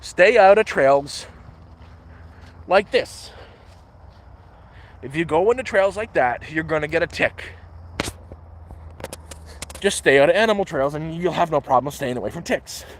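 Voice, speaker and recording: With a fairly high pitch and lively intonation, this man talks at a moderate pace broken by long pauses. He's hosting a relaxed live stream in the woods, phone in hand as he walks his camp, dishing out frank, profane advice.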